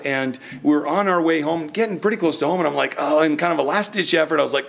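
A man's voice: a little high, brisk, vocal fry, hardly any pauses, fairly bright tone. Earnest young man preaching a sermon. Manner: personal storytelling, earnest, with many restarts.

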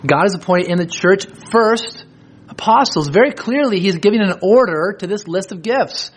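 A man preaching an expository sermon, reading verses slowly and then explaining them with rhetorical questions. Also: high voice, animated, husky.

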